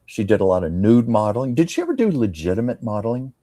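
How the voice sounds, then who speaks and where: Man, low mellow voice, tarot reader, musing, conversational, dry. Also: very animated, fast talker, no echo. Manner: conversational, musing, drops to soft tones. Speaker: psychic tarot reader, host. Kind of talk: casual tarot reading chat.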